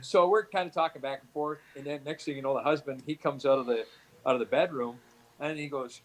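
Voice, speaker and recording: A middle-aged man from Canada recalls his playing days in a loose, rambling way. His voice sits at an ordinary pitch, and his stories keep restarting, padded with "you know" fillers. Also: fairly even intonation, fairly quick, rough recording. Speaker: guest, former hockey player. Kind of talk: storytelling interview answers.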